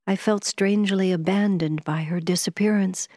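A woman's lowish voice carries an audiobook narration that is measured and expressive, like a storyteller's. There's no room sound, just clean studio audio.

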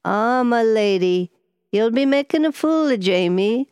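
A woman voicing a slow, cunning old Highland boatman with a Scottish Highland accent, in audiobook narration. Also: expressive, darkish tone, smooth, no room sound. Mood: sly. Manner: slow, sly, lilting Highland speech. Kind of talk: audiobook character voice.

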